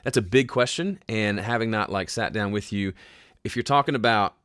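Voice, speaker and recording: A man hosting a casual live question-and-answer podcast, with a smooth, polished speaking voice and a relaxed, conversational way of explaining. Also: fairly low pitch, moderate pace, no echo, clean studio sound. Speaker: host answering viewer questions. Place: home studio.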